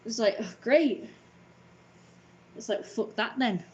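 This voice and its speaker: A woman's voice: fairly high pitch, slow pace, a little mellow, dull audio, slight background noise. A woman in her thirties in a casual, sweary vlog rant, wry and self-mocking and often laughing. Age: 30s.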